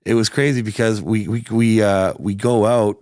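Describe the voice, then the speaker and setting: A middle-aged man with a Canadian accent, a musician guest telling stories in a casual interview, relaxed and swearing freely. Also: on the low side, normal speed, dry recording, studio quality. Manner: relaxed, swears freely, animated when quoting people.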